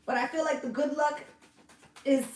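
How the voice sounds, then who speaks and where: A woman's voice: high voice, steady tone, moderate pace, darkish tone, slight background noise. A woman giving a casual tarot reading, chatty and coaxing, swearing freely and checking in with her listeners as she goes. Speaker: intuitive tarot reader. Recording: roomy echo.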